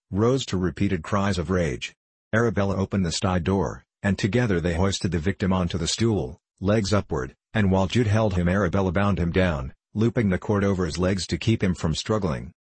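A man reading a novel aloud in a steady, measured narration. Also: sits low, husky, dry recording. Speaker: audiobook narrator. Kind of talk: scripted narration.

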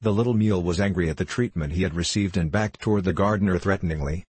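A man narrating a children's storybook in a steady, measured way. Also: low-pitched, husky, dry recording. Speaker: audiobook narrator.

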